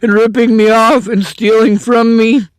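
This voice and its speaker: A man with a very high voice delivers an angry personal rant. He swears freely and lashes out at the people he blames. The sound is dry and close, with no room echo. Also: little pitch movement, unhurried, smooth. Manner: bitter, swearing, vents in outbursts. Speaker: vlogger.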